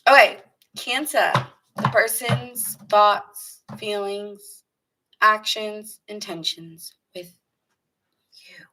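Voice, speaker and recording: Unhurried woman reading tarot cards. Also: mid-range voice, poor audio. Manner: chatty, talks to viewers by name between cards. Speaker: tarot reader. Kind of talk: casual live tarot reading. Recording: steady background noise.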